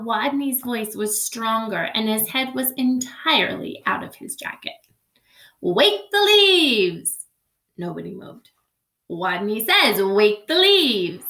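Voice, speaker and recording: A high-voiced woman teacher reads a picture book aloud to her class at an unhurried pace, her voice bouncing around a roomy space. She reads expressively and stops to ask the children questions. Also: sharp tone.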